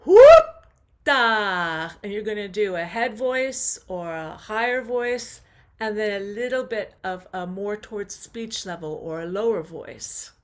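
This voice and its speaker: A woman teaching a vocal warm-up over a video call, coaching in an encouraging way and singing short demonstration phrases. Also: medium pitch, unhurried. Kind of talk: online vocal warm-up lesson.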